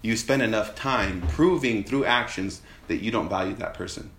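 A man preaching a sermon in an animated way, asking rhetorical questions and acting out quoted voices. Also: on the low side, normal speed, reverberant.

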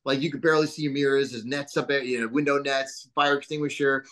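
A man in his thirties, a business founder guesting on a podcast, tells casual stories in an animated, rambling way packed with fillers. His voice is medium in pitch and his pace is quick.

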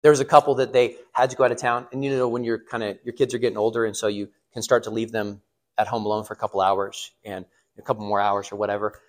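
A middle-aged man, a pastor or class teacher, gives a casual sermon on marriage to a class, talking fast in a lowish voice with little pitch movement. He is chatty, laughs at his own stories, and asks the room questions.

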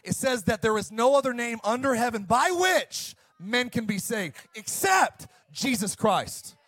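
Male pastor, middle-aged, high voice, passionate shouting sermon with quiet story passages, dry recording. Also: animated, unhurried, no echo. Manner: fired-up, shouting preacher who swings down to soft storytelling.

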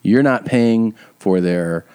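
A man's voice: fairly low pitch, slow, warm tone, clean tone. A man co-hosting a podcast, joking loosely as he rattles off tour dates and reads ads. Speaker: podcast co-host. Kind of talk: casual chat and ad read.

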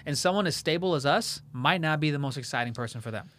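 Brash fast-talking young man. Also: fairly high pitch. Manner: brash, swears a lot, animated storyteller. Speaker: podcast co-host. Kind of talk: casual chat.

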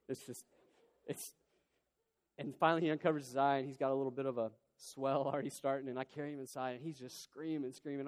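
A man preaching a sermon in a large church hall, telling a personal story in an animated, conversational way. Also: mid-range voice, a little fast. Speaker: pastor. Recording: long hall reverb.

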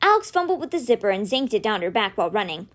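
A woman reading a novel aloud with expressive, animated storytelling. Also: mid-range voice, fast. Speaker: audiobook reader.

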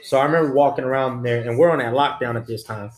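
A man's voice: mid-range voice, fast talker. A man, a former prison officer, telling a story in casual, blunt, profane street slang. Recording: roomy echo, faint music.

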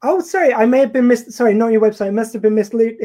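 Mellow-voiced woman host. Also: fairly high pitch, quick pace, slight background noise. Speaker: podcast host. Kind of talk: casual interview.

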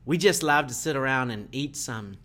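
A man doing a shaky, half-hearted Australian accent, slow and unsure. The voice sits at a middling pitch for a man, and the accent keeps slipping away. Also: pushed and bright, lightly acted. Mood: playful. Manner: slow, hesitant, drifting accent.

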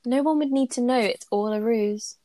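A woman's voice: a little high, normal speed, no room sound. A woman co-hosting a casual chat, reading a story aloud and commenting bluntly with plenty of swearing. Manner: animated, blunt, swears freely.

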